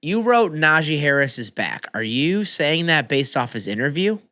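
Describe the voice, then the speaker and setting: A man's voice: fairly high pitch, big pitch swings, moderate pace, sharp tone, no echo, clean studio sound. A man co-hosting a sports podcast in laid-back, casual chat, swearing freely. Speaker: podcast co-host.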